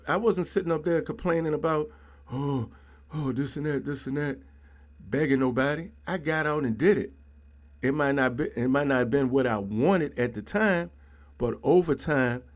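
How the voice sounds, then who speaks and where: A middle-aged man hosting a solo podcast, ranting in a blunt, preachy way and leaning on "man" and "yo". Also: mid-range voice. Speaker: podcast host.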